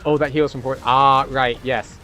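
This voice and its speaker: Streamer: a man, casual running commentary while he plays, middle pitch, faint game music. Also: little pitch movement, moderate pace. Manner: casual, chatty, thinks out loud with fillers. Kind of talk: live-stream gameplay commentary.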